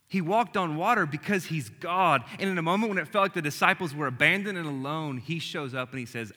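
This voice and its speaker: A man preaching a casual, animated sermon to a church audience, sometimes dropping his voice to a soft hush. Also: mid-range voice. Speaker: pastor. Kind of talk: conversational sermon. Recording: long hall reverb.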